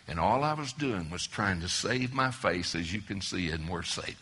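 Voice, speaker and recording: A man preaching with a sharp, forceful tone and a rough, husky grain. His pitch leaps and dips widely as he tells his story, rising to loud exclamations and dropping to near-whispers. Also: animated, moderate pace, hardly any pauses. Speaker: preacher at a marriage conference. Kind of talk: sermon.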